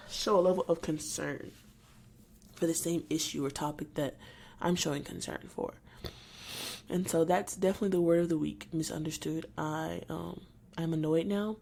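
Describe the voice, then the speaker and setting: A young adult woman hosting a solo podcast, venting with irritation and halting, restarting speech. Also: low voice, creaky, warm tone, breathy edge. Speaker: podcast host.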